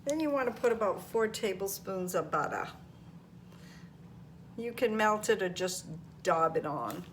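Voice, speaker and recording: Slow, homey older woman. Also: medium pitch, expressive, a little hiss or hum. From Maine. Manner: homey, chatty, talks viewers through each step. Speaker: home cooking vlogger. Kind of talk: casual cooking demonstration. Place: home kitchen.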